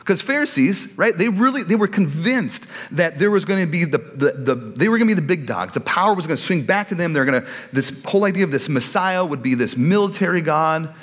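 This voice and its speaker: A man's voice: on the high side, lively intonation, fairly quick, hardly any pauses, a bit bright. A man preaching a casual, joking sermon as a pastor, often slipping into put-on voices for quoted people. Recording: long hall reverb.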